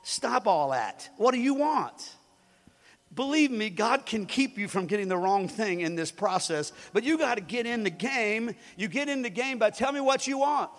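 High-voiced preacher man in a big hall. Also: expressive, moderate pace, soft background music. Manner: preaching with rising shouts, plain-spoken and joking. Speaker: pastor. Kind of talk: sermon. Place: large church hall. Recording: live church recording with long reverb.

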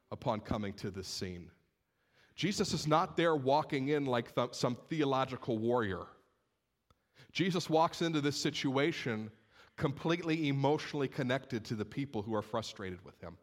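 Expressive man preaching a sermon. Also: on the high side. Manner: expressive, swings between raised urgency and hushed gravity. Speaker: pastor.

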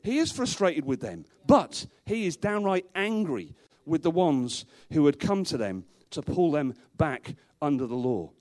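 A man with a high, light voice preaches a sermon from the pulpit. He is emphatic, hammering home his points with repeated rhetorical questions and the odd dry joke. He speaks to a congregation gathered in a church. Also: very animated, unhurried, hardly any pauses, a little mellow. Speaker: pastor.

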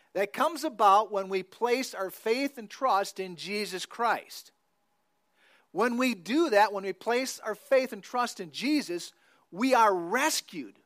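A male pastor preaching a sermon, deliberate and emphatic. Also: sits high, a bit bright.

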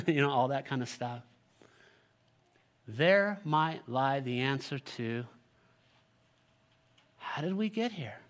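A male pastor preaching a sermon, animated and joking, with sarcastic asides, reading scripture aloud and leading the congregation. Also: on the high side, slow, long pauses.

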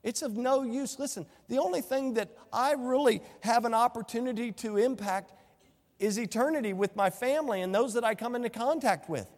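High-voiced man preaching in a hall. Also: brisk. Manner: preaching with rhetorical questions and scripture quotes. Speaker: pastor. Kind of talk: sermon.

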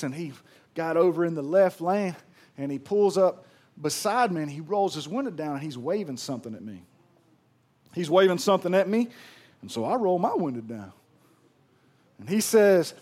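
High-voiced man preaching a lively sermon. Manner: animated, conversational storytelling to a congregation; folksy, slangy phrasing. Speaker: pastor.

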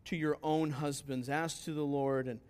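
A man's voice: on the high side, flat delivery, normal speed, darkish tone, smooth. A man pastor preaching a sermon, earnest and emphatic, often asking rhetorical questions and answering them.

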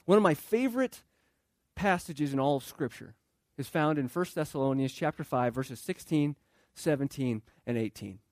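A man's voice: a little high, animated, normal speed, a little mellow, no echo. A man preaching a sermon as pastor, talking conversationally, repeating and restarting phrases and putting questions to the congregation.

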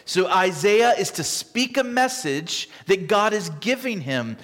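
High-voiced, slow, dramatic male preacher. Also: lively intonation, fairly bright tone. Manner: dramatic, acts out scripture quotes with sweeping shifts in volume. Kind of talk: expository sermon. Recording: long reverb from a large hall.

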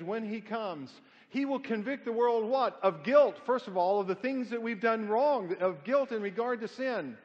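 Preaching a sermon, a middle-aged man speaks with emphasis, weaving rhetorical questions together with folksy, funny anecdotes. For a man his voice runs high, each phrase trailing into a long hall reverb, and the recording is dull and lo-fi.

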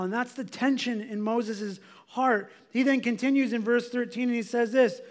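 A male pastor delivers a sermon in a fairly high voice. He speaks earnestly and with emphasis, reading scripture aloud and acting out the prayers he quotes. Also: normal speed, few pauses.

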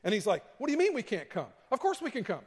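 A man voicing the apostle Peter as an anxious, protesting follower who pleads fast and stammers. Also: very high voice, huge pitch swings, slightly rough, full character voice. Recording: long hall reverb.

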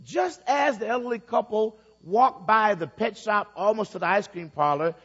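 This is a church sermon from a high-voiced, husky male pastor who weaves a story and drives points home by repeating phrases at a normal speed. A long echo from the large hall surrounds him, and the audio comes across muffled and dull.

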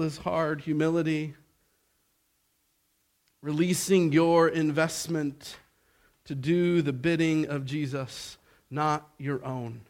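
A male pastor delivering a sermon in a somewhat high voice. He swings from ringing, emphatic exhortation down to near-hushed softness, and he leans on rhetorical questions to carry the congregation along. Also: fairly even intonation, slow, pauses often.

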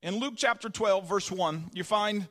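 High-pitched guy preaching, lots of restarts, gets fired up. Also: a little slow, fairly bright tone. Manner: rambling, many restarts, rising to fervent emphasis. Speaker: pastor. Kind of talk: sermon.

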